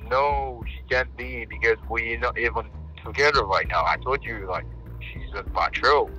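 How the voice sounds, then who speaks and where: A man's voice: mid-range voice, normal speed, sharp tone, soft background music. A man posing as a military commander, lecturing sternly and bossily over a phone call.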